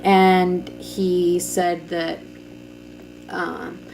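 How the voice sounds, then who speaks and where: A woman's voice: on the low side, little pitch movement, drawn-out words, gravelly, a little mellow, a little hiss or hum. A young woman telling a personal story in a chatty, casual way, full of "like" fillers, recorded on a camera mic at home. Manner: chatty, lots of "like", acts out quoted dialogue. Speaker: vlogger.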